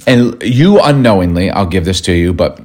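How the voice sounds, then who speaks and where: A man, married over two decades, co-hosting a casual chat and telling stories in an animated way, acting out lines in changed voices. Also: low-pitched, normal speed. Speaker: podcast co-host.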